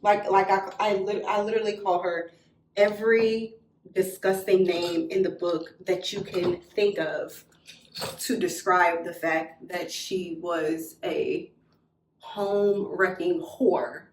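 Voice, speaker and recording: Blunt, animated woman in a roomy room. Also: on the low side, takes it slowly, distant mic, slight background noise. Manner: animated, blunt, swears freely, acts out quoted voices. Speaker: storytime vlogger. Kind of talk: casual storytelling. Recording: roomy echo, a little off mic.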